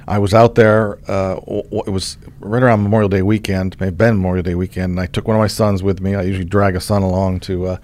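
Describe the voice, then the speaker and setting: A middle-aged man from Oklahoma hosts a conversation as the state insurance commissioner and tells a story in a relaxed way, often restarting his sentences. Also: low voice, quick pace, hardly any pauses. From Oklahoma, USA. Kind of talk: casual conversational interview.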